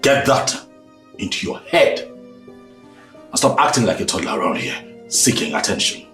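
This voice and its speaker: A man's voice: fairly low pitch, sing-song, a little slow, a bit bright. An actor playing a stern middle-aged father who scolds his grown son firmly. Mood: scolding. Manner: firm, scolding. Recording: echoey film audio under violin music. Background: violin score.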